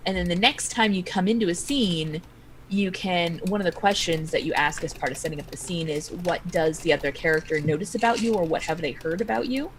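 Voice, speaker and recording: A woman player patiently walking the others through a game rule, steady and casual. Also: fairly low pitch, a little fast, a little hiss or hum. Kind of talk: explaining game rules casually.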